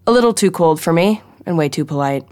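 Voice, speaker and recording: A woman's voice: lowish voice, animated, a little mellow, no room sound, close to an everyday voice. A woman voicing a brash, eager young female field agent with a wisecracking manner. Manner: quick, wisecracking, conspiratorial.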